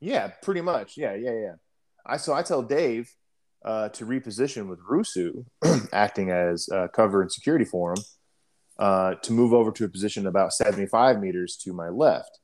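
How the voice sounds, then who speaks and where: A young adult man casually telling a war story, profane and rambling, often clearing his throat. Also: fairly low pitch, animated, normal speed, a little mellow.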